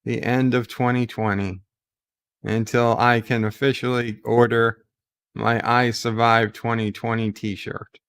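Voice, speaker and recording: A man hosts a casual livestream from home, slowly reading viewer comments aloud and riffing on them. His voice has a gravelly rasp at the bottom, yet it stays smooth and resonant. He takes his time and lets his jokes ramble. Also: medium pitch, little pitch movement, a bit bright. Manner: reads viewer chat aloud and answers in a rambling, joking way. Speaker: livestream host.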